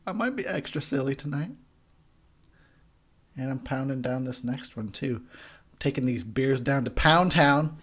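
A man's voice: mid-range voice, animated, unhurried, long pauses, fairly bright tone, slightly rough. A young man giving a tipsy, profane movie commentary, rambling and laughing at his own jokes. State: tipsy from beer.

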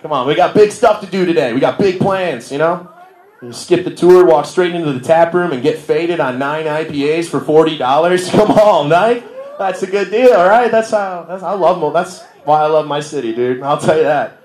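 A man's voice: on the high side, moderate pace, a little mellow. Laid-back man doing stand-up. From Milwaukee, Wisconsin. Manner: loose, slangy, laughs at his own jokes. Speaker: stand-up comedian. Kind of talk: stand-up comedy set. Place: bar comedy stage. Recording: echoey bar room.

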